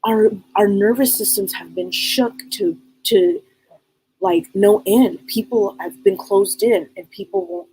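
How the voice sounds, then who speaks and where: A middle-aged woman hosts a live psychic advice stream, unhurried in her delivery, speaking bluntly and casually while repeating herself and posing rhetorical questions. Her mid-range voice has a dark tone, and the low-quality recording has a little hiss or hum.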